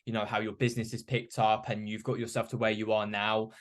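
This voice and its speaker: A man's voice: on the low side, completely flat delivery, fast talker. A young man hosting a podcast, talking reflectively in a rambling way full of "you know" and "like". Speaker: podcast host. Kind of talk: casual podcast chat.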